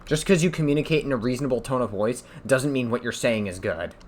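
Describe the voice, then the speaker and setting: A man's voice: medium pitch, quick pace, a little mellow, slight background noise. A man giving heated, exasperated reaction commentary, swearing often and repeating his points. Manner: heated, exasperated ranting with profanity. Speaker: commentary streamer.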